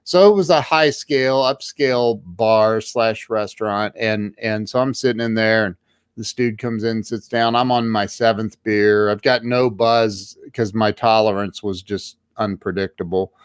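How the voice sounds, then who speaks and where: A man's voice: on the low side, steady tone, a little slow, clear, resonant tone, no echo, studio quality. Man telling his story, emphatic restarts. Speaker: interview guest. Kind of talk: casual storytelling.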